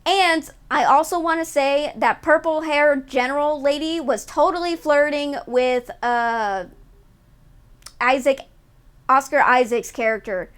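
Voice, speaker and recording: High-voiced woman streamer ranting. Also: unhurried. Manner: swears a lot, ranty and animated. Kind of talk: casual chat with live chat.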